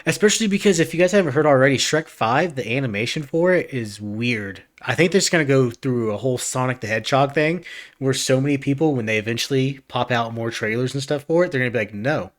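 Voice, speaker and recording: A man's voice: medium pitch, animated, fast talker. A man streaming a reaction, talking casually in an earnest, rambling way with frequent restarts.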